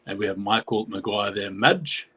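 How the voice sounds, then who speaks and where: A man's voice: lowish voice, normal speed, a bit bright, slightly rough. A man giving live play-by-play commentary on a match as a stream host, rambling and correcting himself, his voice jumping up at big plays.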